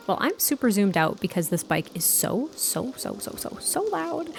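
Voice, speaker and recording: A woman's voice: high voice, sing-song, normal speed, gravelly, few pauses, soft background music. A woman hosting a gameplay video, chatting casually and giggling as she narrates what her characters are thinking. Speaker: let's play host.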